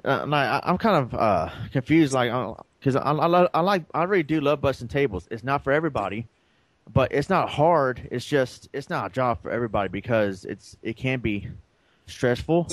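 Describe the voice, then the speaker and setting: A man's voice: medium pitch, lively intonation, moderate pace, no room sound. A man co-hosting a podcast, telling a long story in a rambling, casual way and acting out the lines of the people in it. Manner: rambling, acts out quoted dialogue. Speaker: podcast co-host.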